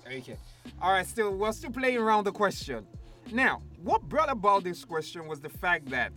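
High lively guy hosting a chat, lots of questions, laughs a lot. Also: normal speed, faint music behind. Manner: animated, questioning, laughs often. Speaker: podcast host. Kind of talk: casual chat.

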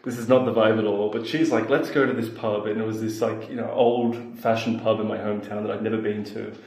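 A man, a podcast guest telling a dating story in a relaxed, self-deprecating way, laughing along. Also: lowish voice, brisk, reverberant, poor audio. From Australia. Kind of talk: casual storytelling chat.

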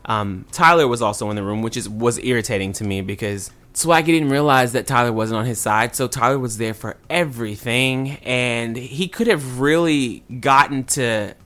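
A man in a relaxed podcast chat, speaking at an ordinary middle pitch. He sounds earnest and personal, laying out his views at length. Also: normal speed, hardly any pauses. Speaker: podcast host. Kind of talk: casual chat.

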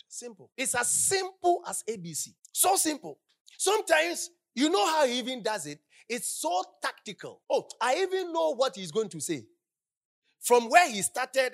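A woman preaching a sermon in a church into a handheld microphone, shouting some lines and dropping to hushed asides, firing repeated questions at the congregation. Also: medium pitch. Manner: emphatic, swings from loud shouts to hushed asides. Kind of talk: sermon with congregation call-and-response. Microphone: handheld microphone held at the lips.

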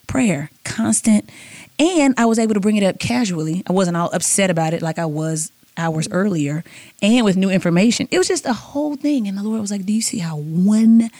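Animated woman telling stories, low voice. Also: no room sound. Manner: animated storytelling, acts out dialogue, laughs often. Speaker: guest, author and speaker. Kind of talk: faith podcast conversation.

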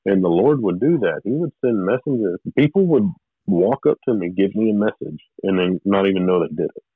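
A man's voice: sits low, animated, brisk, breathy edge, no echo, phone-quality sound. A man telling a personal spiritual story in a rambling way, with restarts and short laughs. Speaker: guest telling his testimony.

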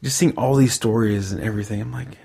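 Gravelly-voiced man chatting. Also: on the low side, quick pace, mellow. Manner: rambling, self-correcting, laughs easily. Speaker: podcast host. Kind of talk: casual chat.

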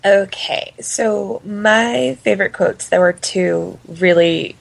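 A woman's voice: medium pitch, slow pace, gravelly. A woman guest on a casual fan podcast, chatty and laughing as she quotes favorite lines.

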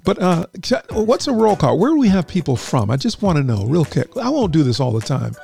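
A man's voice: fairly high pitch, sing-song, brisk, creaky, warm tone. A man hosting a live radio and stream show, chatting casually with listeners and laughing at his own jokes. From North Carolina. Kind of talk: casual live show chat with chat roll call. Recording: music playing behind the voice.

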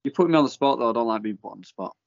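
A man on a casual podcast, talking slowly and reluctantly in a self-deprecating way. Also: mid-range voice, animated, gravelly. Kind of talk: casual chat. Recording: slightly muffled recording.

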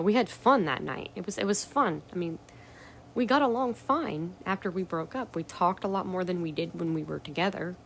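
Low-voiced woman rambling through a story. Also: slight background noise. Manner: rambling, frank, swears freely, many fillers. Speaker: podcast host. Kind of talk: casual personal storytelling.

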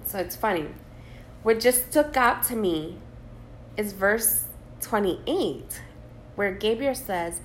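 A woman's voice: mid-range voice, lively intonation, slow, long pauses, slight background noise. A woman co-hosting a casual faith podcast, talking earnestly and reading Bible verses aloud with emotion. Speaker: podcast co-host. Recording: echoey room.

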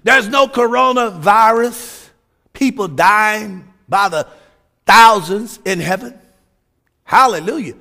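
Fervent high-voiced male preacher. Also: slow pace, gravelly. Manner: fervent, shouts emphasis, frequent hallelujahs. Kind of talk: sermon.

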